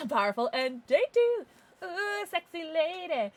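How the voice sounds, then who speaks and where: A woman streaming a game, chatting casually and excitably with quick exclamations, swearing and laughing often. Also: on the high side. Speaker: livestreamer. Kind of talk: casual gameplay commentary.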